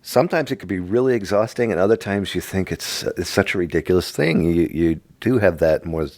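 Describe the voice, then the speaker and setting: A man's voice: deep voice, fairly quick, darkish tone, no echo. A middle-aged man co-hosting a casual religious podcast, rambling and jokey, stumbling over repeated words. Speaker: podcast co-host.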